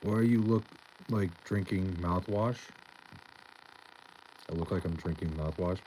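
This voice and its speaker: A young man casually reading out and answering chat on a live stream, laid-back and profane with a deadpan tone. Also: deep voice, a little hiss or hum, poor audio.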